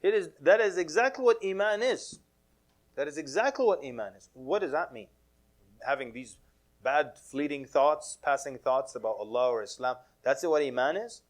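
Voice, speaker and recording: A man's voice: fairly high pitch, animated, normal speed. A man giving a casual sermon to a mosque audience, telling stories with humor, acting out quoted voices and mixing in Arabic religious phrases. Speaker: Islamic preacher.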